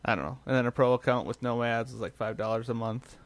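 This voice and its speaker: A man's voice: medium pitch, fast talker, no room sound. A man co-hosting a podcast, chatting casually about tech news and often trailing off mid-thought. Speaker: podcast co-host.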